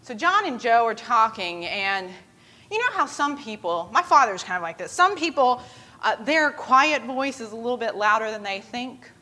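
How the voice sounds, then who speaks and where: A woman's voice: on the high side, very animated, moderate pace, sharp tone. A woman preacher leading a skit with volunteers, talking in a chatty, self-deprecating storytelling way. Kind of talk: casual storytelling sermon.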